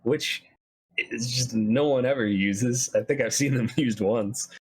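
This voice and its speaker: A man co-hosting a casual podcast chat about running tabletop games, talking in a relaxed, rambling way with frequent restarts. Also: mid-range voice, a little slow, slightly rough. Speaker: co-host.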